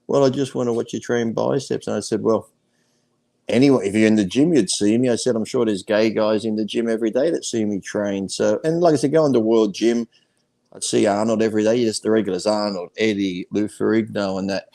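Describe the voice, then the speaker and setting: A man's voice: lowish voice, steady tone, brisk, creaky, warm tone. An older man, a retired pro bodybuilder telling blunt, crude stories in casual chat. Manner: blunt, crude, boastful anecdotes.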